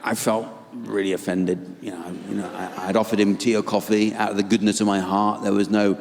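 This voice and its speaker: A man with an English accent doing live stand-up comedy in a deadpan, sardonic manner on a stage mic. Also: on the low side, brisk. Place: theater stage. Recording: reverberant live venue, audience noise.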